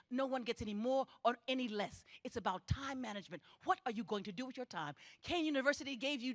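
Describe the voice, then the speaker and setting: A woman's voice: a little high, a bit bright. A middle-aged woman giving a spirited commencement address on a theatre stage, with an emphatic preaching cadence and repeated exhortations. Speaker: graduation ceremony speaker.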